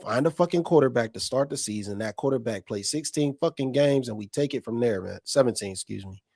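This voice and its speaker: A man chatting on a podcast panel, rambling and cursing while he vents, often restarting his sentences. His voice sits at a middle pitch for a man, recorded dry and close. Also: a little fast, a little mellow, no room sound. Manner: venting, profane and rambling with restarts. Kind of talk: casual podcast chat.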